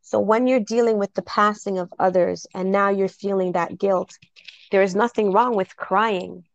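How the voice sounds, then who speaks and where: A woman's voice: medium pitch, steady tone, normal speed, vocal fry, no room sound, muffled recording. A woman hosting a casual spiritual podcast, telling heartfelt stories and laughing often. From Jamaica. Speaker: podcast host.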